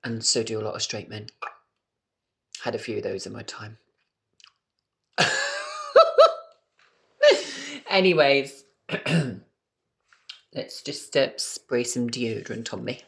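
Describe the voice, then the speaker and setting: A British man talking to his phone camera at home in a casual vlog, camp, chatty and animated, swearing freely. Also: medium pitch, measured pace, gravelly, long pauses. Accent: British English. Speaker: vlogger.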